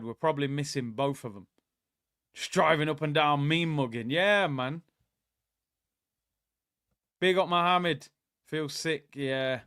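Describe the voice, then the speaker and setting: A young man hosts a live football watchalong, chatting loosely and reading out viewers' comments. His voice sits a little high for a man and gets loud and excitable when his team attacks. The close mic sounds dry, with no room around it. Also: clean tone, no echo. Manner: excitable, shouts at the players during attacks. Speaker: watchalong host.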